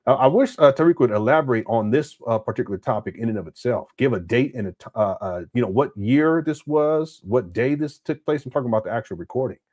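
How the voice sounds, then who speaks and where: Male livestream host, mid pitch, loose rambling delivery full of restarts and laughs. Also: animated, fast, few pauses. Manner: rambling, frequent restarts and fillers; loud, laughing banter with viewers. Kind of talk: casual livestream commentary.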